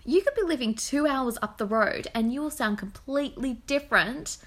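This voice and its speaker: A woman with an Australian accent co-hosting a podcast in casual chat, talkative and quick to laugh. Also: high-pitched, expressive, a bit bright. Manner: chatty, laughs easily. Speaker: podcast co-host.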